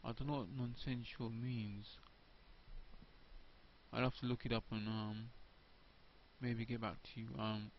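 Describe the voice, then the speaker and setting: A man's voice: mid-range voice, level tone, unhurried, pauses often. A man talking off the cuff about faith, stumbling and restarting, repeating words and filling gaps with ums. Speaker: video blogger. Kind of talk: unscripted religious monologue to camera. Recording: dull lo-fi home recording with faint hiss.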